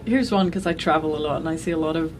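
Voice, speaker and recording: A woman's voice: deep voice, fast, background noise. A woman hosting an interview, asking brief questions and murmuring as she listens. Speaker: host, interviewer.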